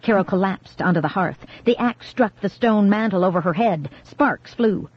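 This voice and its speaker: An audiobook narrator giving steady, measured scripted horror narration. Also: medium pitch. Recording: dull lo-fi dry recording.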